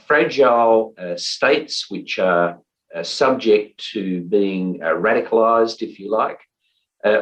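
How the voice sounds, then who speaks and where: A man in his sixties with an Australian accent, giving a reflective interview answer, measured with frequent pauses and restarts. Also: fairly low pitch, dull audio. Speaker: interviewee, former defence minister.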